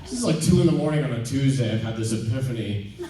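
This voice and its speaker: A man doing stand-up, telling a rambling, self-deprecating story with halting ums and restarts. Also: mid-range voice, animated, warm tone. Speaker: stand-up comedian. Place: theater stage before a live audience. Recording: echoey venue from far off.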